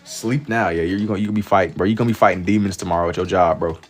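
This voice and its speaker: This man speaks very fast in a low, steady voice, rambling casually on a livestream as he draws. He's sleepy and drawling, meandering through slang-filled talk with lots of repetition.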